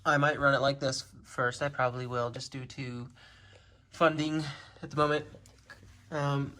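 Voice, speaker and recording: A man giving a casual build-update vlog about his car project, rambling and clearing his throat often. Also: medium pitch, little pitch movement, unhurried, pushed and bright.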